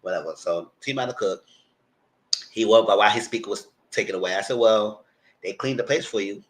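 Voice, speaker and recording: A man's voice: fairly low pitch, brisk. Chatty man recapping with blunt asides. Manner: chatty, blunt, acts out what he told the cast. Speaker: commentary channel host. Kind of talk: casual livestream commentary.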